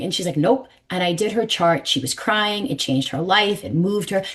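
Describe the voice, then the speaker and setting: A woman in her forties with a New York accent, a numerologist guest telling her story in a podcast interview, emphatic and animated, acting out the voices she quotes. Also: mid-range voice, normal speed, few pauses. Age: 40s.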